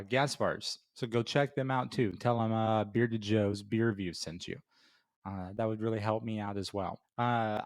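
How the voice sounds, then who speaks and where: A man's voice: medium pitch, clean tone. A middle-aged man hosting a beer review show, telling a casual story full of fillers and restarts before giving his rating. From Florida. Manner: rambling with many fillers and restarts.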